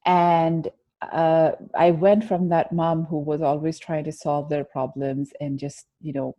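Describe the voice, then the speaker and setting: A woman's voice: sits low, little pitch movement, measured pace, no room sound, dull audio. A woman guest telling a personal story in an interview, earnest and reflective, with frequent restarts.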